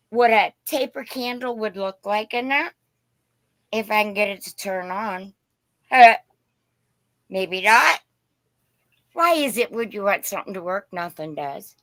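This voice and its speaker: A woman with a Southern Indiana accent tinged with Pennsylvania hosts a live-stream glass sale, chatting in a folksy, rambling way. Her bright voice moves at an unhurried pace. The sound is close and dry. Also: mid-range voice, dry recording. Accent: Southern Indiana, mixed with Pennsylvania. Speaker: host selling vintage glass. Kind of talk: casual live-stream sales chat.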